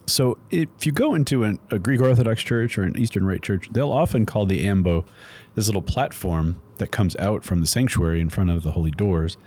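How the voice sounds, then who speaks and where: Husky man explaining in a chatty way. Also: lowish voice, brisk, a little mellow. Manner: playful, explaining liturgy in a chatty teaching way. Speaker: podcast co-host. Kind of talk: casual chat.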